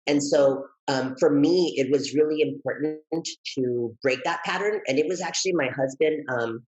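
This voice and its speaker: A man guesting on an interview, telling his story in a lively, expressive way that jumps high when he gets excited. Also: moderate pace, highs cut off, soft background music. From Texas, United States. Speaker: guest, educator and author.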